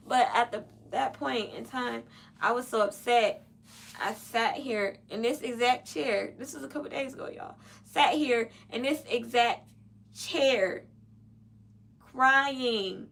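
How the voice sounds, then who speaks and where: A woman's voice: a little high, takes it slowly, vocal fry, fairly bright tone. A woman hosting a podcast from her own room, telling a story casually to listeners and acting out both sides of phone calls with lots of animation. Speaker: podcast host.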